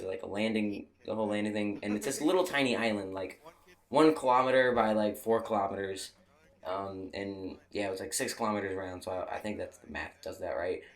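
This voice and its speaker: A young man telling a rambling travel story in a casual way, full of restarts and fillers, laughing at his own jokes. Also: on the low side. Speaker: video creator.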